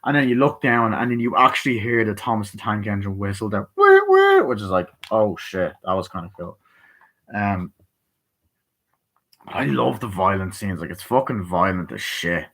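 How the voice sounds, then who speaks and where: Male film reviewer, low voice, sweary and excitable, jumps up to act out quotes. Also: moderate pace. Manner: excited, profane, acts out quotes in raised voice. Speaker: movie reviewer. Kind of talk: casual film review retelling scenes.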